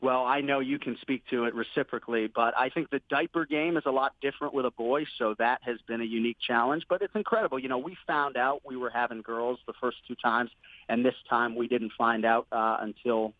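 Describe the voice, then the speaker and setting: A man's voice: medium pitch, fairly even intonation, a little fast, dry recording. A man in his thirties, a sports commentator, chatting in an interview about his work and family in an earnest, enthusiastic way. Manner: earnest, enthusiastic, with fillers like "you know" and "man". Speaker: MMA play-by-play commentator, guest. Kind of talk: casual interview chat. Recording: tinny phone line, dry.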